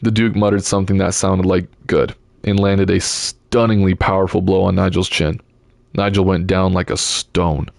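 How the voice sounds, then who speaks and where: A man reading a novel aloud in a steady storytelling voice. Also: deep voice, normal speed, gravelly, dry recording, clean studio sound. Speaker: audiobook reader.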